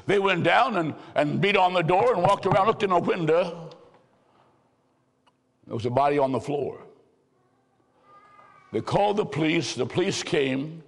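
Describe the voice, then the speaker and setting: Man, preacher, fairly high voice, big reverberant hall, revival sermon delivery. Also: creaky. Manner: preaching, swings between shouting and hushed slow emphasis.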